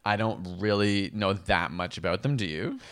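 A man's voice: lowish voice, moderate pace, fairly bright tone, clear, resonant tone. Male podcast co-host, chatty, laughs easily. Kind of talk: casual chat.

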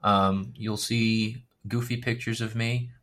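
A man appearing as a podcast guest who speaks in a hesitant, halting way, with many pauses and ums. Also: on the low side, fairly even intonation, fairly bright tone. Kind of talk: casual interview.

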